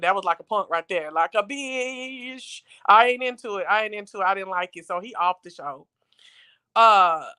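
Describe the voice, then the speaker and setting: A woman hosting a casual live-stream recap, talking in a chatty, slangy, animated storytelling way. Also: a little high. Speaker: show recap host.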